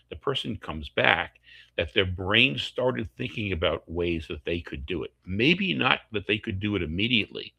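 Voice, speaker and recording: A man's voice: sits low, gravelly, bright, forceful tone, breathy edge. A man, a course instructor, explaining teaching techniques step by step through worked examples over a video call.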